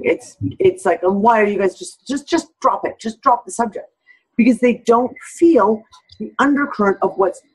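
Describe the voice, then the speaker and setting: A woman speaking openly in a relaxed group discussion, heard over a video call. Her voice is a little husky. She swears freely and lifts into the voices of the people she quotes. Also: medium pitch, poor audio. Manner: candid and expressive, swears freely, acts out others' lines. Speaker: discussion participant.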